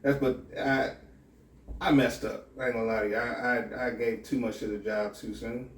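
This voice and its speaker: A man's voice: mid-range voice, steady tone, normal speed, far from the mic. A man talks candidly as a sheriff's deputy, thinking aloud and restarting his sentences. His voice sits in a mid register and carries a roomy echo. He is a little away from the mic, with a faint hiss underneath. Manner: reflective, candid, with frequent restarts. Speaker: sheriff's deputy and police academy instructor. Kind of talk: earnest podcast interview.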